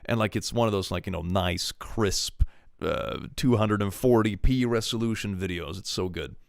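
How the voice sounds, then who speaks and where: A man's voice: on the low side, normal speed, creaky, no echo, studio quality. A man, casually chatting with his stream and joking as he reads out chat.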